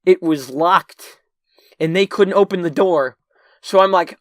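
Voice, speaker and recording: Bright-voiced man telling a rambling story. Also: high-pitched, unhurried, no echo, clean studio sound. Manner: animated, acts out his own panicked past self; rambling with restarts and "right?" asides. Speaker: channel's featured storyteller. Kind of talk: casual spoken storytelling to camera.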